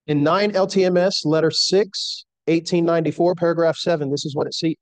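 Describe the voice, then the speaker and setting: A middle-aged man preaching a sermon in an earnest, slow and emphatic way. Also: on the high side, fairly even intonation, no echo.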